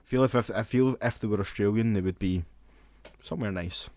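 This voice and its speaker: A man's voice: lowish voice, brisk, a little mellow, no echo. A man co-hosting a podcast, telling sweary stories in casual chat. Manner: sweary storyteller who laughs at his own stories. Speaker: podcast co-host.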